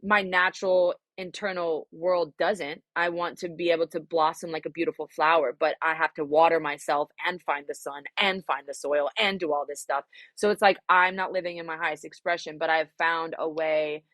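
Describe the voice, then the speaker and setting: Low-voiced woman, frank and reflective. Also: fairly even intonation, normal speed, hardly any pauses, a bit bright, no echo. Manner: reflective, frank, swears freely, many fillers. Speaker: singer-songwriter guest. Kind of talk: candid interview answers.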